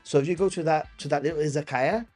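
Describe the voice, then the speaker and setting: A man's voice: a little high, fast, a little mellow, faint music behind. A man with a Gibraltarian English accent hosting a live-stream travel Q&A, chatting casually and answering viewers off the cuff. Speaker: travel channel host.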